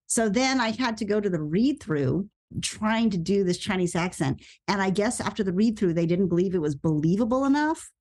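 Animated woman telling a story. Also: medium pitch, normal speed, hardly any pauses. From United States. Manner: animated storyteller, voices incredulous reactions. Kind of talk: casual podcast chat.

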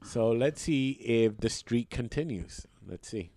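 A man's voice: medium pitch, expressive, takes it slowly, warm tone, slight background noise. A man hosting a casual podcast, prompting a guest with blunt questions. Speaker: podcast host.

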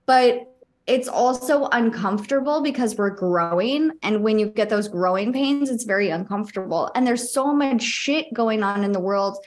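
A woman's voice: fairly high pitch, normal speed. A woman co-hosting a podcast, chatting casually and laughing at her own mistakes. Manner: chatty, rambling, laughs at herself. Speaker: podcast co-host and psychic medium.

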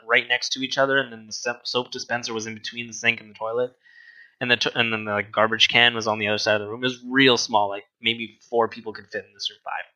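Man, casual storyteller, animated, rambling, bright tone, dry sound. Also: medium pitch, dry recording, low-quality recording. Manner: rambling, animated, with restarts and quoted dialogue. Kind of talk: casual chat, telling a work story.

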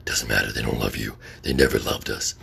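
A man voicing a hateful, coaxing male inner demon in a low, menacing whisper. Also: fairly even intonation, fairly quick, vocal fry, a bit bright, slightly rough, full character voice.

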